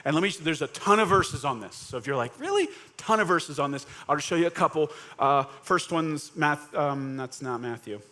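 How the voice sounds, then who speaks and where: Man, pastor, slightly high voice, casual joking sermon, keeps asking "right?", lively bursts and quiet emphasis. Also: normal speed, few pauses. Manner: swings between animated bursts and quiet, low emphasis. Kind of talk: conversational sermon.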